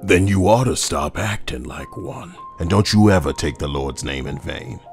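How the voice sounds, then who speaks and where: A man voicing a stern old male farmer grandfather with a rough, crackling voice in a horror story. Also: sits low, lively intonation, moderate pace, faint music behind. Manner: scolding, firm.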